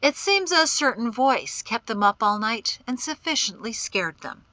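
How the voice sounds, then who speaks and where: A cheerful young male scout, chatty as he reports his news, voiced by a woman narrator. Delivery is slow and unhurried, with a bright tone in a storybook reading. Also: on the high side, very animated, no echo, voice pushed up, heavily acted, low-quality recording. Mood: amused.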